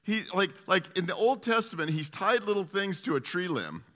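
A man giving a casual, animated Bible teaching, with lots of fillers and restarts. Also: high-pitched, moderate pace, big-room sound.

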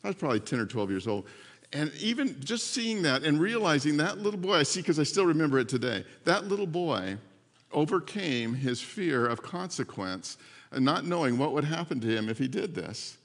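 A man preaching a sermon as pastor, telling a story in an animated way and acting out the voices in it. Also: on the high side, normal speed, long reverb tail.

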